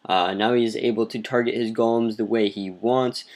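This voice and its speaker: A man's voice: on the low side, moderate pace. A man casually narrating replays of mobile game attacks as clan leader, with lots of ums and restarts. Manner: relaxed, filler-heavy, self-correcting. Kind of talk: casual gameplay commentary.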